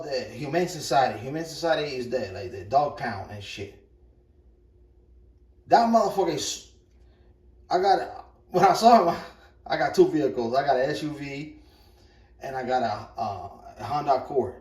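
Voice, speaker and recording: A man's voice: fairly high pitch, a little mellow. A middle-aged man telling a rambling, profane story in a casual way while he cooks in his kitchen. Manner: rambling, profane, repeats himself. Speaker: vlogger. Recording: echoey room, mic far off.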